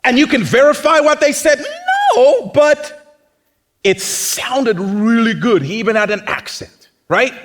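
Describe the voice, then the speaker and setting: Animated high-voiced male pastor preaching. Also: measured pace. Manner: animated, conversational, acts out voices of others. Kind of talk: sermon. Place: church.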